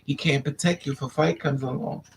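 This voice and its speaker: A brisk woman hosts a candid livestream monologue, sassy and blunt, sprinkling her stories with "honey" and "child." She's animated and swings into dramatic, high-pitched put-on voices when playing other people. There's a faint hiss or hum in the recording.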